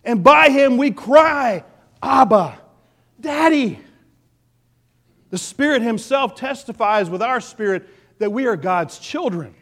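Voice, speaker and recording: A man preaching a sermon with passion, swinging between loud and hushed delivery. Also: extremely high pitch, animated, a little slow, big-room sound. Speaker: pastor.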